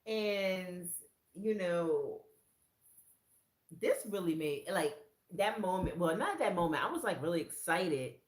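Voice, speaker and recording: A woman sharing a faith testimony from her room in casual, excited storytelling. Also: slow, echoey room. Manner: excited storyteller who acts out quoted lines in a much higher voice. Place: her own room, indoors.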